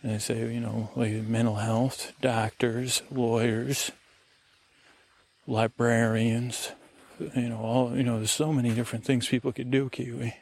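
A man's voice: medium pitch, little pitch movement, a little slow, vocal fry, darkish tone. A tired man hosting a podcast, musing in a meandering way while he walks outdoors in the woods. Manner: meandering, musing, full of fillers. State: tired and dehydrated. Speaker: podcast host. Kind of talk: rambling sleep-podcast monologue. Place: outdoors on a woodland walk.

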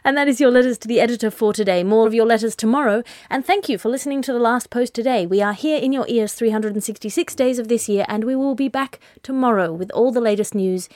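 A woman's voice: on the high side, fast talker, hardly any pauses, a little mellow, no echo, clean studio sound. A woman hosting a comedy podcast in a mock-formal news presenter manner. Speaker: podcast host.

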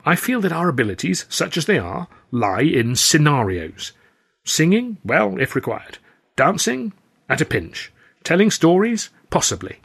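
Lively and raised, this is an eager young comedian brimming with schemes, as a narrator puts him on. The voice is a little husky, and every phrase lifts with theatrical excitement as the story is read aloud. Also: male voice, a little high, pitched above the performer's own voice, exaggerated voice. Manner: animated, theatrical. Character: eager young male comedian full of ideas. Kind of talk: reading a novel aloud.

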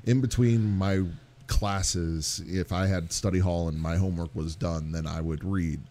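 Mellow, low-voiced man chatting. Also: unhurried. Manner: expressive, playful, vivid comparisons, swears freely. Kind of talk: casual chat. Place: garage.

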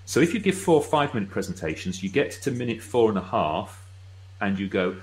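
A middle-aged British man speaking as a guest expert, explaining with brisk, wry asides. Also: lowish voice, big pitch swings, darkish tone, rough recording. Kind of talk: casual explanatory chat.

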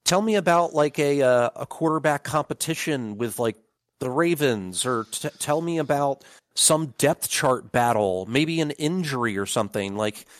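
A man's voice: mid-range voice, expressive, normal speed, dry recording. Rambling, profane young man in a dry room. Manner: rambling, profane, lots of "like" fillers. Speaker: podcast co-host. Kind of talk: casual sports podcast chat.

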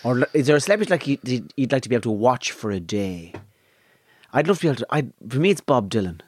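Irish male host, animated pitch, dry close sound, sweary storyteller. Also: fast, no room sound. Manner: profane storytelling, lively mimicry. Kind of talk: casual chat.

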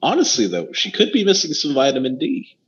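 A man co-hosting a casual book discussion, relaxed and amused, adding wry asides. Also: fairly high pitch, fairly quick, slightly rough. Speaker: book podcast co-host. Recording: dull lo-fi audio.

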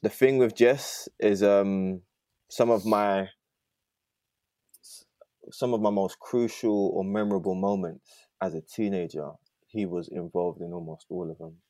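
A man, talking as a podcast guest over a laptop video call, halting with many restarts and fillers. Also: low voice, steady tone, mellow, no room sound, clean studio sound. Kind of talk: casual conversational interview.

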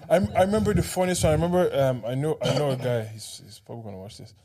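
A man's voice: mid-range voice, very fast, warm tone. A man in a casual chat, telling a story with wry, mocking impressions.

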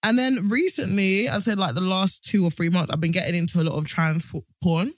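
A woman's voice: lowish voice, steady tone, brisk, no echo, studio quality. A British woman, a podcast guest, chatting frankly and bluntly with slang. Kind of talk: casual chat.

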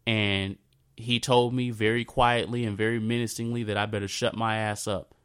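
Man in his thirties, personal storytelling, low voice, smooth and clear tone, halting and repetitive delivery. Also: level tone. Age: 30s. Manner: halting, repeats himself, drifts into a soft low voice.

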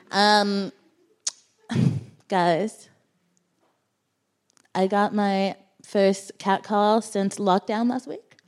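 A woman's voice: mid-range voice, a little mellow. A woman co-hosting a live show, doing a rambling, playful stand-up set and slipping into silly voices. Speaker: co-host, stand-up comedian. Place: live venue stage.

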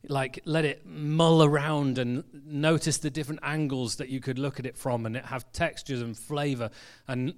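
In a church hall, a pastor with a mid-range voice preaches casually, telling stories like a conversation, complete with fillers and restarts.

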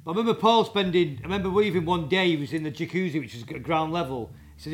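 A man, a guest drummer telling rambling, halting anecdotes in a casual interview. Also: on the high side, a little hiss or hum. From England.

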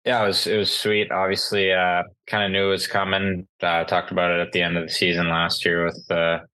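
A young hockey player answers interview questions in a very deep, flat voice with a bright edge. He stays polite and measured, filling gaps with small fillers. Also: smooth. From Canada. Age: young adult.

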